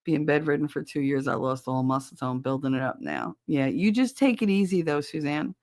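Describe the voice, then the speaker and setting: A middle-aged woman hosting a livestream podcast, chatting casually with viewers and telling animated stories with frequent swearing. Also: low-pitched, a little fast. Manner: animated storyteller who swears freely.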